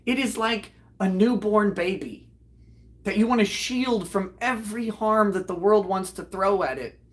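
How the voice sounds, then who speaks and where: A man, host of a live online show, retelling a comedy act in a loud, profane, animated way and breaking into laughter. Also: high-pitched, unhurried. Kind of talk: casual storytelling on a livestream.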